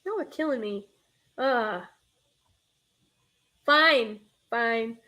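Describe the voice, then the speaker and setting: A woman's voice: on the high side, extremely slow, sharp tone. A young woman with a Northern US accent, hosting a casual live stream, rambling and chatting with her viewers. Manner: rambling, chatty, reads chat aloud, self-interrupting. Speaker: streamer hosting a nostalgia show.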